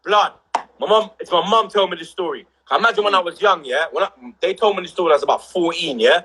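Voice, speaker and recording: A young man, telling a story on a casual livestream with rising excitement and shouts. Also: sits high, quick pace, breathy edge, rough recording. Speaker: livestream co-host.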